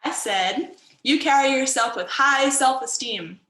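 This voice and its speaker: Bright, upbeat woman teaching kids. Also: sits high, unhurried, roomy sound, rough recording. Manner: upbeat, encouraging. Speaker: martial arts instructor. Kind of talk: teaching a kids' online workshop. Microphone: video call.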